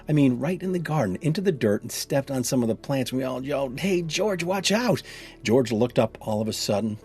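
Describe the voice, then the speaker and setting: A man's voice: deep voice, a little mellow. A man reading aloud a first-person children's story in a chatty, kid-like storytelling voice. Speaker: narrator.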